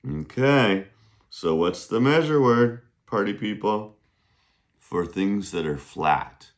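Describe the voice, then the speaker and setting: A male Chinese teacher running a playful classroom lesson, humming little tunes between steps and drilling words slowly. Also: fairly low pitch, expressive. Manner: slow, drawn-out pronunciation drills.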